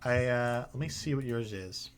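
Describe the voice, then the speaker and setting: A man's voice: mid-range voice, normal speed. A man narrating a tabletop game as game master, casual and rambling with many fillers.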